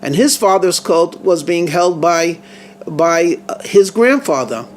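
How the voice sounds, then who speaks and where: A steadfast old rabbi with a fairly high voice, talking in quiet, earnest, measured phrases, as a storyteller lends him his own voice. Each thought is slow and deliberate, and a faint hum sits under the recording. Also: lively intonation. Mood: reflective. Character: calm, devout older male rabbi, steadfast.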